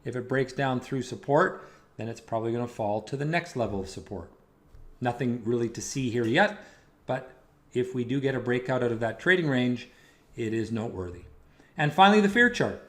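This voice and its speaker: A man hosting a weekly market commentary, talking over charts on screen. He explains each chart in a steady, plain way with casual asides. His voice sits at an ordinary middle pitch. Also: brisk. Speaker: market analyst host.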